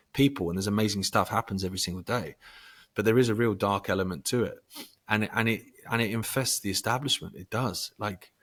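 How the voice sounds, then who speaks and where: A man speaking as a guest in a casual conversation. He swears freely and breaks into bursts of loud emphasis. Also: on the low side, slightly rough. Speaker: podcast guest.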